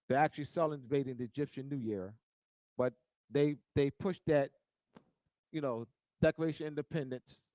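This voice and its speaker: A man's voice: dry recording, rough recording. A man giving a teaching talk, repeating phrases for emphasis and building in force as he goes. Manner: grows louder and higher toward the end. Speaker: speaker.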